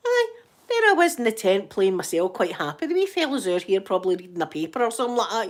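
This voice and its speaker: A Scottish woman in her fifties with a sore throat, chatting softly in a rambling, self-mocking way for an ASMR channel. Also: mid-range voice, big pitch swings, quick pace. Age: 50s. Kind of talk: soft-spoken ASMR chat.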